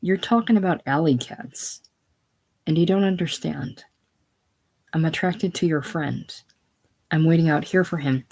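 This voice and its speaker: A reader voicing an anxious, secretive middle-aged woman in a casual play reading, halting and breaking off mid-sentence. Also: medium pitch, a little mellow, poor audio. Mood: fretful.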